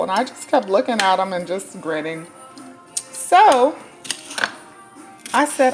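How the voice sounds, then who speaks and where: A dietitian tells a personal story while cooking in her kitchen, chatty, animated and laughing. Her voice runs on the high side at a moderate pace, with cooking clatter and faint music in the background.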